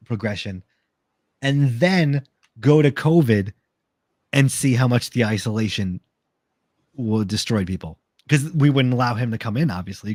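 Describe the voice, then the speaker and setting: A slightly tipsy man chatting on a podcast at a middle pitch, his voice close and dry with no room sound. He rambles, restarts and repeats words as he tells his stories. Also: a little mellow, dry recording. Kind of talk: casual podcast chat.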